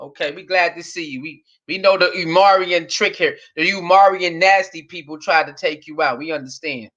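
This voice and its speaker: Man, bright voice, laughs a lot, repeats himself, muffled stream sound. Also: on the high side, normal speed. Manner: laughs often, repeats phrases, reads chat aloud. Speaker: live stream host. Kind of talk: casual reaction commentary.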